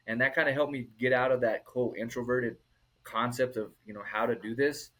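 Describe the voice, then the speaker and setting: In a casual interview, a middle-aged restaurant owner tells stories at a slightly fast clip, his voice sitting at medium pitch. He's animated and acts out the people he quotes, though the recording quality is low.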